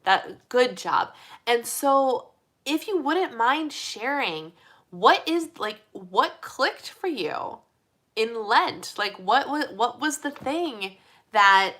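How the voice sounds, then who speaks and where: A woman's voice: a little high, expressive, slow pace, sharp tone. Chatty young woman on a live stream. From United States. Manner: chatty, rambling, laughs often, reads out viewer comments. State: tired voice. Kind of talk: casual live stream chat with viewers.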